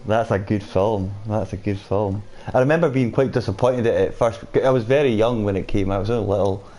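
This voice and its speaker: Brisk and mellow with a fairly low pitch, this gaming streamer talks casually with his audience, reading their comments out as he plays.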